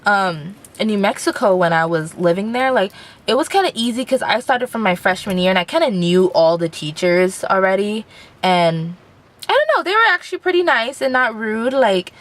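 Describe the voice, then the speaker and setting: A woman's voice: mid-range voice, big pitch swings, moderate pace. Young woman vlogger in her late teens, chatty and rambling, mid-range voice, talking from her car. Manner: rambling, chatty, filler-heavy. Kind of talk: casual car vlog rant. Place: inside a car.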